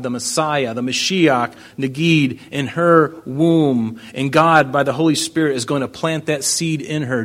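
A man's voice: mid-range voice, fairly bright tone. A man preaching a sermon, reading scripture aloud and explaining it with rhetorical questions and emphatic declarations. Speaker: pastor.

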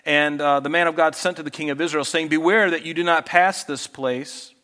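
Conversational pastor in an echoing hall. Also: male voice, on the high side, fairly quick. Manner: conversational, animated when acting out quotes. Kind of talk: sermon.

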